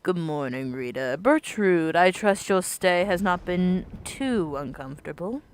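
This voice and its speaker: A woman voicing a soft-spoken, courteous guide, reading game dialogue aloud in a lower, quieter formal tone. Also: expressive, a little slow, clean tone, no room sound.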